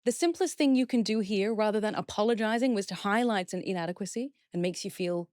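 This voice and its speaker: A woman's voice: mid-range voice, fast, darkish tone, no room sound, clean studio sound. Earnest woman explaining step by step. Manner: earnest, explanatory, acts out example phrases. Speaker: guest expert. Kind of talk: podcast interview.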